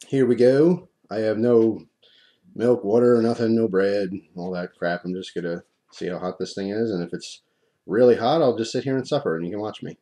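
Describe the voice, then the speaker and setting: Man, low and mellow, casual rambling hot sauce reviewer, mouth on fire. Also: moderate pace. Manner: relaxed, chatty, rambling with restarts. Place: at home at his desk.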